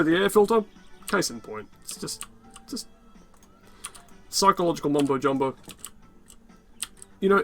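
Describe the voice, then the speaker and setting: A man with a raspy, worn-out voice giving rambling, casual gameplay commentary, muttering to himself and swearing often. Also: on the high side, a bit bright. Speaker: gaming channel host.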